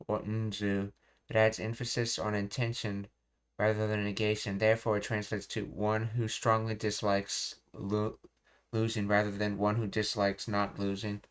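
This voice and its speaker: A man teaching a live-streamed Japanese lesson, reading explanations aloud haltingly and restarting often. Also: lowish voice, clean tone.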